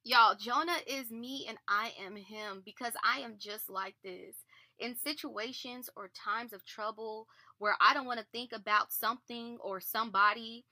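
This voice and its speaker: A woman with a bright, forceful voice pitched a bit high talks through a devotional reflection. She is expressive and casual, chatting straight to her listeners as y'all. The sound is dry and close. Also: unhurried, no echo. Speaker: devotional podcast host.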